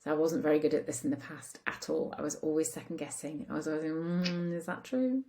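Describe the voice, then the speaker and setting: A woman's voice: sits low, little pitch movement, fast, gravelly, background noise. A woman relationship coach talking casually, chatty with lots of fillers, acting out the voices of people she quotes. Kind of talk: casual talk to camera.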